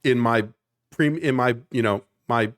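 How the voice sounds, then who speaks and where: A man's voice: mid-range voice, measured pace, a bit bright. A man in his thirties from South Jersey, co-hosting a podcast in a passionate, rambling casual chat with the odd swear for emphasis. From South Jersey, near Philadelphia. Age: 30s. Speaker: podcast co-host.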